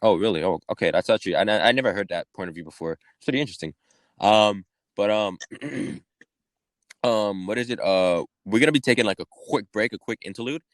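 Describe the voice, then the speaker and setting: A young man co-hosting a podcast, talking casually in halting stop-start phrases. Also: on the low side, no echo. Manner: halting, stumbles and restarts. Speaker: podcast co-host. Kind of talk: casual chat.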